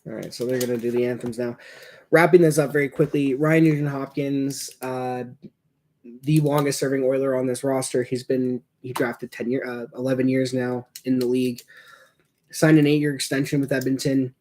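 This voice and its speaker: A man talks his way through a hockey game as a fan, in casual watch-along commentary. He rambles and reacts as he goes, with plenty of fillers. His voice sits at an ordinary middle pitch. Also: level tone, moderate pace, dark tone.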